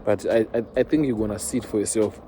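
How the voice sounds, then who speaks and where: A man's voice: lowish voice, fast, mellow, slight background noise. A young man with a Zimbabwean accent, chatting loosely to camera in a casual vlog and mixing in Shona phrases. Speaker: vlogger. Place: outdoors in a town centre.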